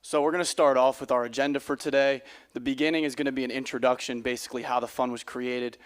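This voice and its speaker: A man's voice: mid-range voice, little pitch movement, fast talker, clean tone. A young man, a college student, explaining an agenda in a plain presentation to an audience. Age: young adult.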